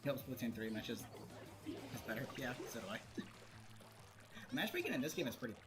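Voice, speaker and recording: A man giving casual, joking commentary while streaming a game, quick to laugh and to grumble about it. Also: mid-range voice, very animated. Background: game music.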